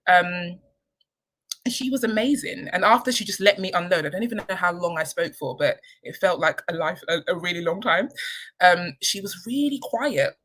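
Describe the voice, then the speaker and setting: A woman, a charity leader, giving a candid, reflective personal talk with frequent pauses and ums. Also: fairly low pitch, a bit bright, rough recording. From United Kingdom. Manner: candid and reflective, many ums, emotional at times. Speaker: charity chief executive.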